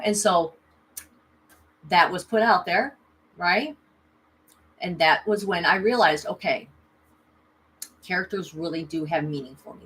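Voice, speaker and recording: Slight background noise accompanies a woman's medium-pitched, somewhat bright voice as she recounts a personal story on her spiritual livestream, filmed at home. She keeps it casual, chatty and profane, peppering the monologue with "okay" and "right."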